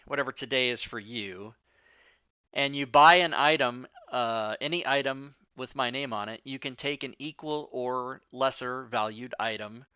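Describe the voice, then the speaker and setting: A man's voice: mid-range voice, sharp tone, clean tone, no room sound, lo-fi sound. A man hosting a live-streamed talk show, chatting casually and rambling off on tangents with the odd swear word. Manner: rambling, profane, self-interrupting.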